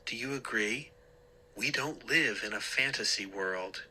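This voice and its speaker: A man's voice: on the low side, unhurried, sharp tone, slight background noise, poor audio. A man voicing a stern, exasperated mother who scolds her son firmly. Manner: scolding, firm.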